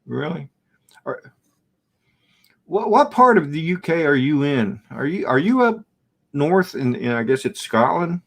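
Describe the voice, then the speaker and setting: With a slightly high, creaky voice that swings widely in pitch, a middle-aged man runs a laid-back home livestream. He talks slowly and rambles, reading viewer comments aloud and responding to them on camera.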